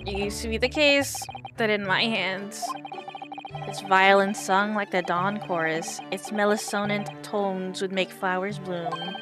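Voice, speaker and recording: A woman voicing a gloomy, theatrical male detective who grandly mourns his lost violin playing, with game music clearly behind. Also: medium pitch, fairly even intonation, a little slow, lightly acted. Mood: mournful. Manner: melodramatic, sighing, grandiose.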